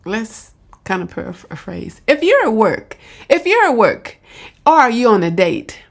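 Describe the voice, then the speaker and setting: Slow, gravelly woman commentator. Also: on the high side, big pitch swings. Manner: blunt, repeats herself, talks back to the clip. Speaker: commentator reacting to a video. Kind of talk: casual reaction commentary.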